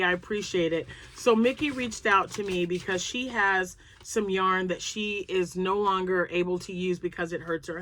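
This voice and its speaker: A woman hosting a crochet channel, chatting casually and thinking aloud as she excitedly unboxes yarn. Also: fairly low pitch, no echo.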